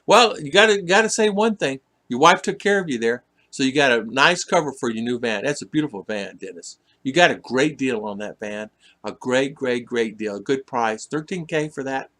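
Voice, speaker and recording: A man's voice: medium pitch, lively intonation, normal speed, fairly bright tone. Teasing man hosting a chatty live stream. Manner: teasing, chatty, laughs often. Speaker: live stream host reading chat. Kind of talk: casual live stream chat.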